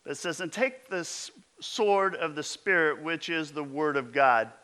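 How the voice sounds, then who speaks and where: A male pastor preaching to his congregation at a deliberate, unhurried pace. His tone is bright and forceful, and he swings between emphatic calls to action and low, intense asides. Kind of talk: sermon.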